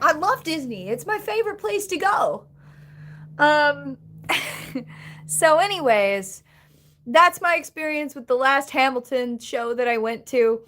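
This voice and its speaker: A woman's voice: sits high, very animated, unhurried, fairly bright tone. A young woman live streaming, chatting casually and rambling with lots of fillers and giggles as she thanks viewers.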